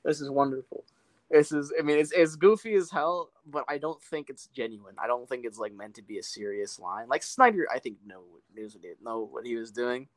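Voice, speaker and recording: A young man in casual podcast chat, animated and loose, with plenty of "like" and cursing. His voice sits at a middle pitch. The recording is dry and close, with no room sound. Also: fairly quick, few pauses, no echo, low-quality recording. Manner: animated, swears freely, lots of "like". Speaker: podcast co-host.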